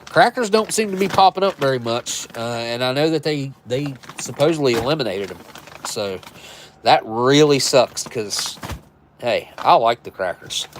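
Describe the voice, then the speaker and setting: A man's voice: medium pitch, a little hiss or hum. A man hosting a live stream, chatting casually and rambling as he thinks aloud and corrects himself. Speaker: live stream host reviewing military rations.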